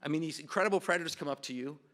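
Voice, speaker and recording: A curious, jittery squirrel from a told joke, as a man puts him on, asking puzzled questions in a high, bright voice. he sounds baffled and eager to know. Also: racing, close to an everyday voice. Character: curious, nervous young squirrel.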